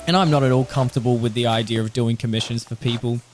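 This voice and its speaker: A man's voice: mid-range voice, fairly even intonation, fast talker, darkish tone. Rambling man streaming a game over music. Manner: rambling, chatty, laughs often. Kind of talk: casual chat while playing. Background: background music.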